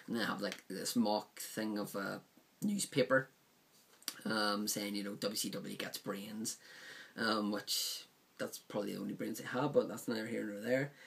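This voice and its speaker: A man's voice: on the low side, steady tone, a little slow, vocal fry, fairly bright tone. A man casually reviewing a DVD set, rambling with frequent ums and likes.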